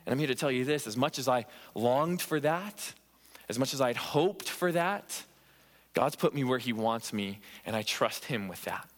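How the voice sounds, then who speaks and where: A man's voice: medium pitch, expressive, moderate pace. A man preaching a sermon in a church, earnest and emphatic, repeating phrases for stress. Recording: echoey church hall reverb.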